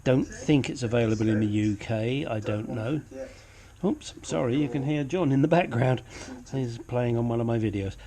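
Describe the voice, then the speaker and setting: A man's voice: mid-range voice, moderate pace, a crowd in the background. A man gives a casual, hands-on repair tutorial from his home workshop. He talks chattily and drops joking asides as he works. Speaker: DIY car repair vlogger.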